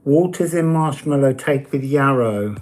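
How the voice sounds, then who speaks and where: A man's voice: medium pitch, lively intonation, a little slow, darkish tone. A man giving oracle card readings in a casual live-stream chat, talking easily, answering viewers' comments and laughing often.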